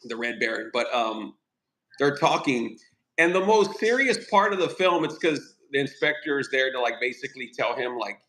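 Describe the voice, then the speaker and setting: A man's voice: mid-range voice, expressive, moderate pace, fairly bright tone. A man hosting a podcast, chatting casually about a movie in a rambling, profane way. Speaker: podcast host.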